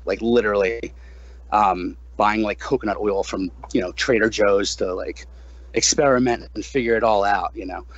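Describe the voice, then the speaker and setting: A man in his thirties, a guest musician in a casual podcast interview, talking animatedly, swearing freely and jumping up high when he quotes himself. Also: dull audio.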